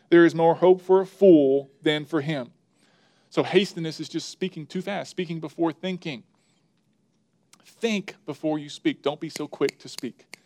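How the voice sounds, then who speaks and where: A man preaching a sermon with a fairly high voice. He speaks emphatically and stacks up repeated phrases. Now and then he breaks off to talk to whoever runs the slides. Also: fairly even intonation, moderate pace, a little mellow. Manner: talks to the slide operator mid-sermon.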